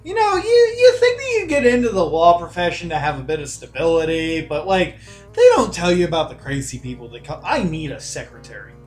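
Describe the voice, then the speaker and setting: A player voicing an excitable, blunt male lawyer character in a tabletop game, in a near-normal voice. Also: mid-range voice, brisk, roomy sound, soft background music, close to an everyday voice. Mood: wry. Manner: excitable, exclamatory.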